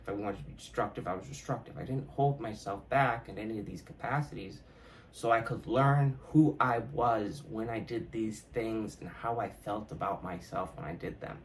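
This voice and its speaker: A man's voice: lowish voice, moderate pace, a little hiss or hum, poor audio. A young man hosting his own podcast, talking alone in a casual, reflective way, swearing freely and often laughing. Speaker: podcast host. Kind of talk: casual solo monologue.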